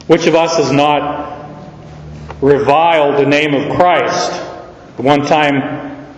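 A man's voice: a little high, fairly even intonation, takes it slowly, echoey room, long reverb tail, muffled recording. A man preaching a sermon, earnestly reading and explaining verses aloud. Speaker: pastor.

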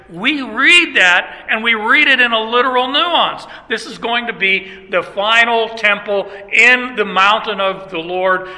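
A Bible teacher from Germany speaks with a high, piercing, very bright voice. He grows emphatic as he makes his points. A long reverb trails behind his words. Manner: emphatic, animated storyteller. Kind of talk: speaking on theology.

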